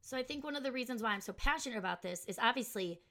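Reading aloud from her own article, a young adult woman runs her podcast in a loose, chatty, rambling style, poking fun at herself and laughing. Her fairly high voice is bright, expressive and forceful, and she races along.

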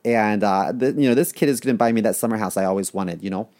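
A man's voice: lowish voice, fast, a little mellow. A man from Baltimore trading jokes in loose podcast banter. He talks with a sarcastic, profane edge and drops into playful mock voices when he quotes people. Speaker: podcast co-host. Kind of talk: casual comedic chat.

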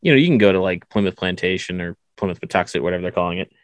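A man's voice: low-pitched, rapid-fire, no room sound. A man hosting an interview, asking questions in a jokey, easygoing way. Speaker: podcast host. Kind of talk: casual interview talk.

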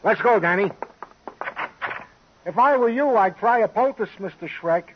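An actor playing a sentimental, florid police sergeant in a 1950s radio drama. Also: male voice, high-pitched, animated, measured pace. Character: warm-hearted heroic police sergeant, a man. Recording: dull old radio recording with hiss.

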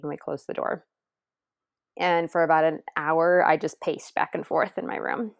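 A woman's voice: low voice, level tone, normal speed, vocal fry, no room sound, clean studio sound. A woman guest telling a personal story in an earnest, tender way, sometimes dropping to a near whisper. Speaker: adoptive mother guest.

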